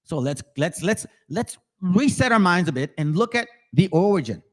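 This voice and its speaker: A man's voice: sits high, very animated, normal speed. A man hosting his own channel, delivering combative religious commentary, mocking and confronting viewers directly and reading passages aloud between remarks. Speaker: channel host.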